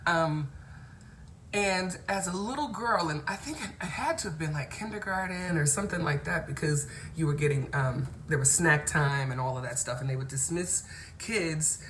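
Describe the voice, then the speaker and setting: A woman's voice: low voice, moderate pace, a bit bright, slight background noise. A woman from Cincinnati hosting a casual live stream who laughs often and greets viewers by name as she reads their comments. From Cincinnati, Ohio. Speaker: host.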